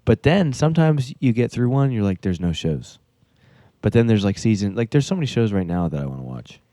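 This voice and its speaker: A man's voice: fairly low pitch, fairly quick, no echo, clean studio sound. A young married man co-hosting a podcast, joking and chatting casually with friends. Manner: joking, animated. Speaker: podcast co-host. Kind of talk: casual chat.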